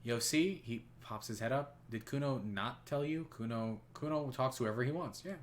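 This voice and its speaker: A man's voice: mid-range voice, normal speed, a little hiss or hum, natural voice. A man voicing a brash, foul-mouthed twelve-year-old boy in a video game who refers to himself in the third person. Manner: swaggering, crude, refers to himself by name.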